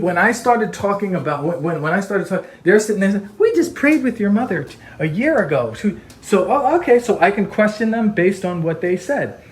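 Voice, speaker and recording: A man arguing heatedly on a call, ranting and mocking others in quick impressions. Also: high voice. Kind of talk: heated phone argument.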